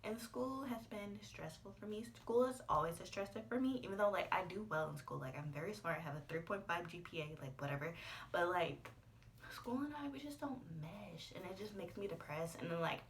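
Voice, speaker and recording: A woman's voice: fairly low pitch, expressive, a little fast, distant mic, slight background noise. A sad young woman telling a breakup story in a casual storytime, rambling with lots of fillers and sometimes dropping into a whisper. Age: young adult. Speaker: vlogger.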